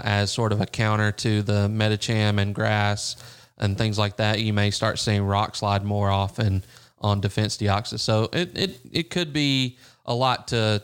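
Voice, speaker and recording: Smooth-voiced Alabama man, casual chat. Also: on the low side. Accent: Alabama Southern US. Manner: measured, hesitant restarts, self-deprecating. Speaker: podcast co-host.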